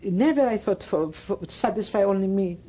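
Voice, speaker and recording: A woman's voice: mid-range voice, normal speed, warm tone. A woman in her nineties with a Greek accent, speaking broken English in an emphatic, repetitive way as an interviewee. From Greece. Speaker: Holocaust survivor interviewee. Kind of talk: oral history interview.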